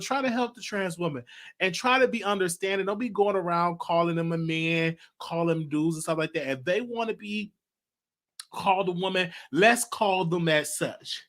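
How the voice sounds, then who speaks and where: A man's voice: high voice, a bit bright. A young man with a Southern US accent hosting his own show, talking earnestly and from the heart, often repeating his phrases. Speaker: show host. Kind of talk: solo commentary vlog.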